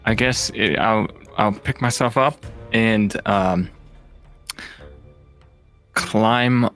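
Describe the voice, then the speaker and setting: A man with a fairly low voice talks through his character's moves. He is casual and hesitant, working out his next step aloud. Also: drawn-out words, a bit bright, faint music behind. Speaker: player. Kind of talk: casual tabletop game play.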